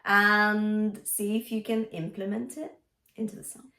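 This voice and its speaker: A woman's voice: mid-range voice, flat delivery, a little slow, pushed and bright, reverberant. A woman vocal coach teaching a singing lesson, encouraging her students and checking in with "yeah?" and "okay?" as she explains.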